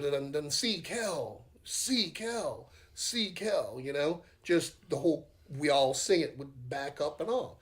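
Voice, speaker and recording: A middle-aged man with a Southern US accent, a metal singer telling rambling stories in a casual podcast chat, swearing and laughing easily. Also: fairly high pitch. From Louisiana, US. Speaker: metal band singer and guitarist, podcast guest.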